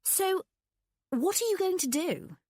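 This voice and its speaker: A woman's voice: extremely high pitch, lively intonation, a little slow, mellow, no room sound, studio quality, voice pushed up. A woman voicing a bold, blunt young woman friend who teases in a sing-song way. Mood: teasing.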